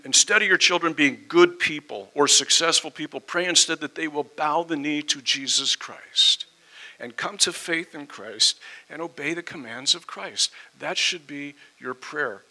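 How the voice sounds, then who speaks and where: A middle-aged man preaching a sermon as a pastor, impassioned, moving between loud emphasis and hushed tones. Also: a little high, low-quality recording.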